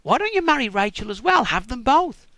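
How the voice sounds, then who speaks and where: A man's voice: very high-pitched, very animated, brisk, sharp tone, no room sound, voice pushed up, exaggerated voice. A British man voicing a crafty older uncle who bargains slyly in a comic Bible retelling. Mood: wheedling.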